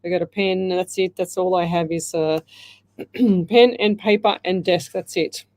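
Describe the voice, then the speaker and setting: Woman, middle-aged, live radio host in a studio; mellow tone, rambling, filler-heavy delivery. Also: on the low side, fairly even intonation, measured pace. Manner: chatty, rambling, many fillers and restarts. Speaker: radio host and psychic medium. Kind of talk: live radio call-in chat. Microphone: headset.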